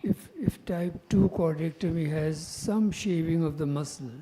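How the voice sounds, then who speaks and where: Moderator, male, very mellow dark tone, higher pitch, agreeable chat. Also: unhurried. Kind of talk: panel discussion.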